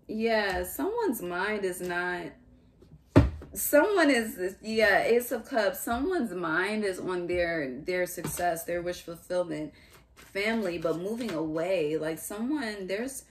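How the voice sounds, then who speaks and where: Woman tarot reader, young adult, lower register; thinks aloud in fragments; noisy home recording. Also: animated. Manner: musing, halting, speaks in fragments and restarts. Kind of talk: casual tarot reading.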